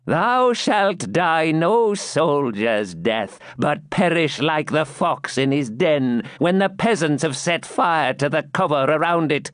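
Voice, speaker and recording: Brief: vengeful old crone, man reading the part, slow deliberate delivery, lively pitch, close dry sound. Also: no echo. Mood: grim. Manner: slow, grim, mocking and solemn. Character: vengeful old woman, a gloating hag. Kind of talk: audiobook character reading.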